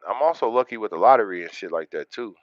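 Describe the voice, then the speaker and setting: A man's voice: fairly low pitch, animated, fast, no echo, muffled recording. Laid-back man chatting on a livestream. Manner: laid-back, slangy, talks straight to chat. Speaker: livestream host. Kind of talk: casual livestream chat with viewers.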